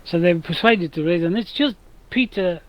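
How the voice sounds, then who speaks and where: A man with a rough, damaged voice and a fairly high pitch chats casually as a streamer while gaming. He rambles through long stories, restarting sentences as he goes. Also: fast talker, lo-fi sound. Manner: rambling, chatty storyteller with many restarts.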